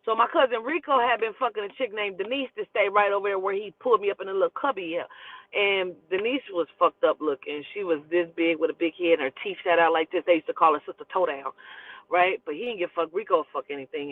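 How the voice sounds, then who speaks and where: A woman telling a casual storytime monologue, profane and animated, often breaking into laughter. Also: lowish voice, fast talker, no echo. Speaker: storytelling host. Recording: tinny phone-like audio.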